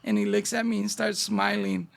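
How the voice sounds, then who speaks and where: La guy, middle-aged, raspy fry all over, high-ish voice, telling stories w/ lots of slang. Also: normal speed. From Northeast Los Angeles. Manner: animated street-slang storyteller, acting out dialogue. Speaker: guest. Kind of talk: casual storytelling interview.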